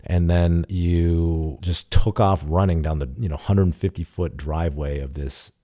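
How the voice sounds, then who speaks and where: A man's voice: low voice, moderate pace, hardly any pauses. A man in his thirties, a startup founder, casually retelling a story in an interview, acting out the dialogue with lots of "like". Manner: casual, animated retelling with quoted dialogue and frequent "like".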